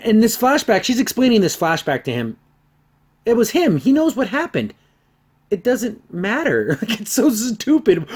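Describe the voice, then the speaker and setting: A man hosting a podcast, reviewing a TV episode in casual talk, sarcastic and exasperated, with lively swings in pitch and loudness. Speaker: podcast host reviewing a show.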